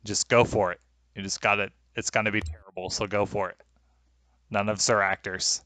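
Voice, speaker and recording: A man's voice: fairly low pitch, little pitch movement, fairly quick, sharp tone, no echo. A young man narrating as game master over a video call, rambling and hesitant with many fillers.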